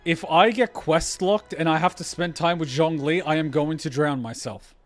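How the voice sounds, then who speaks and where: A man's voice: fairly high pitch, normal speed, soft background music. A man commentating a game playthrough, sarcastic and joking, swearing often in exasperation. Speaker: game reaction streamer. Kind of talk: casual gameplay commentary.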